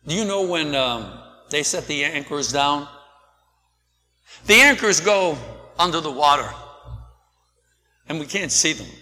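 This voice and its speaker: A man preaching a sermon, slow and deliberate, swinging between soft and loud. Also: a little high. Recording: long hall reverb.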